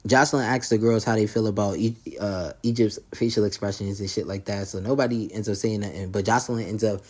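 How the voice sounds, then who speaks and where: A man casually recapping a reality show episode in heavy slang, laughing often and acting out the quotes loudly. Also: fairly low pitch, fairly even intonation, quick pace.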